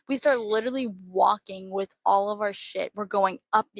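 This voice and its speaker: A young woman from Florida telling a travel story in a casual, animated, heavily profane way. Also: mid-range voice, moderate pace, creaky, dry recording. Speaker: podcast host.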